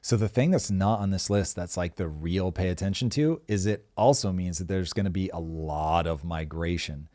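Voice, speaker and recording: A man hosting a live show, explaining economics in a measured, casual way with frequent fillers. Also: sits low, dark tone, no room sound, studio quality. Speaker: show host.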